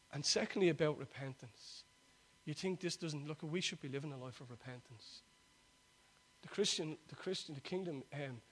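A man, preaching a sermon that swings from loud exhortation to quiet, intimate appeal. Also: a little high.

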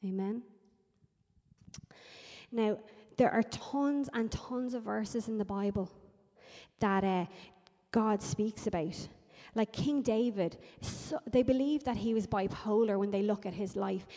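A woman delivers a sermon with emphatic, repetitive phrasing that builds as she goes. Her voice is mellow and warm, at a middle pitch. It rings out with the long reverb of a large hall. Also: expressive, slow. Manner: emphatic, repetitive preaching with rising intensity. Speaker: preacher.

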